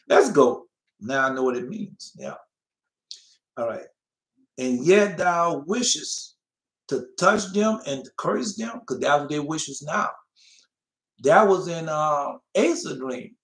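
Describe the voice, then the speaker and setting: A man preaching a fiery Bible-study sermon, swinging between loud emphatic bursts and soft mocking asides, and reading scripture slowly. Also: on the high side, lively intonation, roomy sound. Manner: slow, drawn-out scripture reading.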